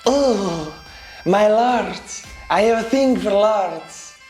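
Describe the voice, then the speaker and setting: A giddy young Scottish lass, put on by a man in falsetto, gushes over lords in a high, breathy voice that swoops wildly and drags each word out slowly. The room echoes and soft music plays behind. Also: lively intonation, full character voice. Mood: swooning. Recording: roomy echo.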